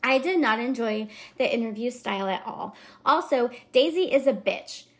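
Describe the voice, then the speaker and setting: A woman's voice: on the high side, expressive, normal speed, fairly bright tone. A woman voicing a snippy young female book critic with a dismissive Valley Girl drawl. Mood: scornful.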